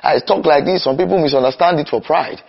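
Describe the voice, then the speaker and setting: A young man preaching a sermon with passion, slowing down to cry out key phrases and then rushing through lists. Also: fairly high pitch, gravelly. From Nigeria. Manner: impassioned, swings between slow emphatic cries and rapid runs. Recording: dull lo-fi recording.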